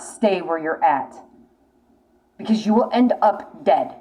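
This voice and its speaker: A woman's voice: fairly low pitch, expressive, slow, long pauses, warm tone, rough recording. Blunt, profane woman tarot reader. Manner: blunt, profane, urgent warnings with repetition. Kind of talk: casual spoken tarot reading.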